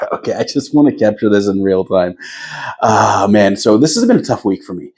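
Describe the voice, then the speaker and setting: A man's voice: fairly low pitch, expressive, a little fast, darkish tone. A man vlogging in his office, talking through his own frustrations in a reflective, encouraging way as he thinks aloud. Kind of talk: candid self-talk to camera.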